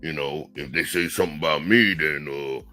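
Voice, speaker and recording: A man plays a laid-back visitor escaped from a mothership, with a very deep yet bright, forceful voice. He talks in halting, hesitant bursts over faint music. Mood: easygoing.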